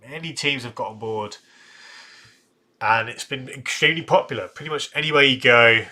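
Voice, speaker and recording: A man's voice: medium pitch, normal speed, sharp tone. A man hosting a casual live stream, thinking aloud with restarts and asides. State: tired, yawning. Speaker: live-stream host ranking football shirts.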